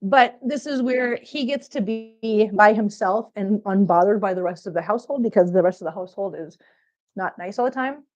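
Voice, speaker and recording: A woman's voice: mid-range voice, normal speed. A woman chatting casually on a cat-care livestream, rambling and answering viewers while she cleans, a little out of breath. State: a bit out of breath. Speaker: cat channel vlogger.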